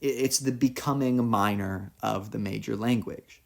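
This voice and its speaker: Lecturer, male, lowish voice, relaxed explanatory delivery with casual fillers, reads quotes aloud. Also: normal speed, creaky. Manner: explanatory, loosely conversational with fillers. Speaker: philosophy lecturer. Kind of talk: recorded solo lecture.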